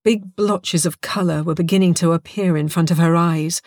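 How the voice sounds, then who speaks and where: A woman's voice: lowish voice, normal speed, no echo. Woman reading a story, dry close voice. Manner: lively, expressive storytelling. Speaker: narrator. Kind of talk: scripted audiobook narration.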